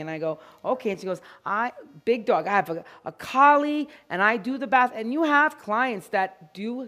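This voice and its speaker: Upbeat woman educator, live demo to an audience, lively and on the higher side. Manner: animated, storytelling, acts out quotes. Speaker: grooming educator. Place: event hall with live audience.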